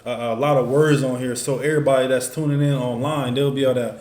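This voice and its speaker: He talks fast, with a medium-pitched, darkish, fairly even voice, teaching a class in a loose, conversational style packed with asides and fillers like "you know what I'm saying." An echoey room and faint noise come through on the recording.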